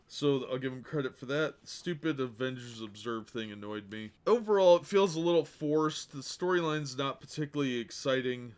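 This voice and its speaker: A man giving a casual spoken review of a comic book, sarcastic and unimpressed. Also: mid-range voice.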